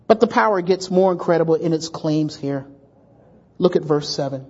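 Male pastor, animated sermon delivery, restarts words, acts out story voices; dull lo-fi recording. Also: a little high, moderate pace.

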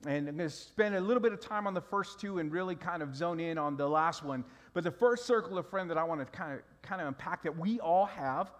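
A middle-aged man, preaching a sermon in a loose storytelling way, often restarting his sentences. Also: on the high side. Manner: conversational storytelling with repeated restarts. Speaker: pastor.

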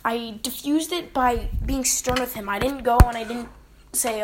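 A woman's voice: on the high side, fairly quick, background noise. A woman, a hockey referee, telling stories and giving advice in a chatty way, often saying "basically" and "right?". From British Columbia, Canada. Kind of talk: casual advice storytelling.

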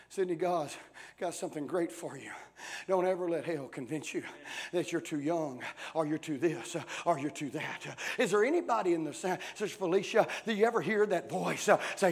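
Gravelly high-voiced preaching man. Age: 40s. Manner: swings from hushed to shouting, frequent "uh" fillers. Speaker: pastor. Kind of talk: sermon.

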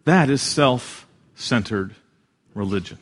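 Slow-paced earnest male preacher. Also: mid-range voice, expressive. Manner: earnest preaching, swells louder for emphasis and drops soft. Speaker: pastor. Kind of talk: sermon.

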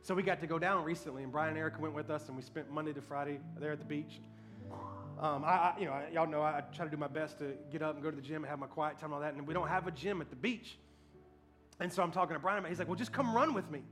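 A pastor telling a story in a sermon, building to loud, emphatic preaching and asking the congregation for amens. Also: male voice, a little high, steady tone, rapid-fire, over music.

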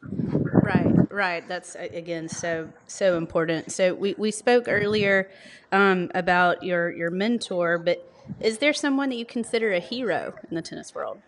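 A woman's voice: on the low side, measured pace, slight background noise. Encouraging woman podcast host. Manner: warm, encouraging, laughs along. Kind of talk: casual interview chat. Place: office.

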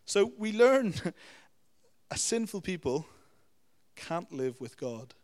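A man's voice: sits high, slow. Man preaching in a reverberant hall. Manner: animated storytelling with repeated "you know" and "okay?". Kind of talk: sermon.

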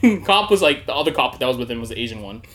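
A young man telling a story in a loose, casual chat. He is animated and profane, laughs often and acts out the people he quotes. His voice sits in an ordinary middle range. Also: medium pitch, very fast.

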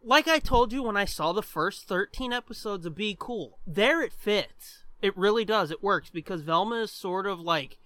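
A man co-hosting a podcast in casual chat, animated and rambling, swearing freely. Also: high-pitched, normal speed, few pauses, no echo. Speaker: podcast co-host.

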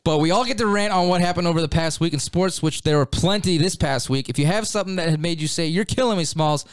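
A man hosting a sports talk show in a studio, upbeat and quick to laugh. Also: fairly high pitch, clean tone, no echo. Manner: upbeat, laughs between lines. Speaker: host.

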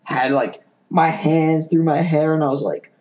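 Enthusiastic young co-host, mid-pitched. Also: a little slow, darkish tone, slight background noise. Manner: enthusiastic, emphatic praise. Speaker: podcast co-host. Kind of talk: casual anime chat.

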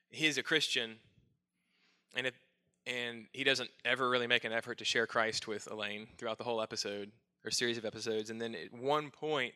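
A man's voice: mid-range voice, pushed and bright, clean tone. A middle-aged male pastor preaching a sermon, earnest and self-searching with touches of light humor.

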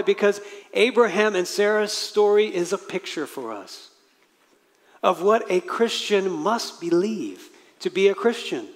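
A man preaching a sermon as pastor, earnest, acting out quoted prayers with rising intensity. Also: high-pitched. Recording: long hall reverb.

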